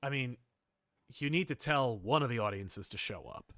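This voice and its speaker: A man co-hosting a comic book podcast in a casual, animated chat. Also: medium pitch, normal speed. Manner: animated, jumps into quoted voices and laughs. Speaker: podcast co-host.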